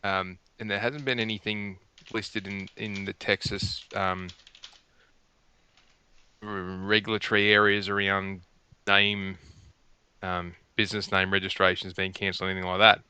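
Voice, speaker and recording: A middle-aged man, hosting a casual gaming podcast and rambling through animated stories. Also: deep voice, a little slow, clean tone. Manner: rambling, animated storytelling with restarts. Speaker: podcast host. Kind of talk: casual chat. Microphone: headset.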